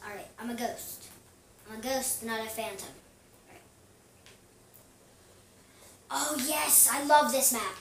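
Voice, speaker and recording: Slow-talking woman narrating her gameplay. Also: fairly high pitch, a bit bright. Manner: chatty and giggly, talking to herself while playing. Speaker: gaming vlogger. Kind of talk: casual gameplay commentary. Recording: echoey room, distant mic, noisy.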